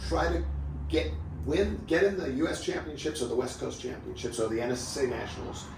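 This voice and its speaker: A former pro surfer in his fifties from southern California, appearing as a podcast guest, tells relaxed stories in a loose, rambling way full of filler "like". His medium-pitched voice is a little fast with vocal fry, recorded with roomy echo, a distant mic and steady noise.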